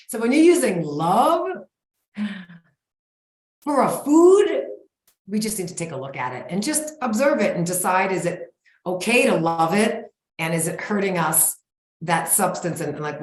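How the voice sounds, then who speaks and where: A woman in her forties talking as a guest expert in a casual interview, in a blunt, folksy and energetic way. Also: on the low side, normal speed. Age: 40s. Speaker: guest expert on sugar cravings. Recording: roomy echo.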